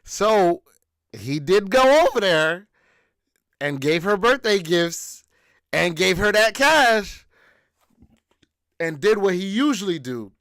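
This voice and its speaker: A male podcast host recounts events casually at a slow, unhurried pace. His voice sits high and sounds smooth and clear. The recording is dry and close. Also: big pitch swings, a bit bright, no echo.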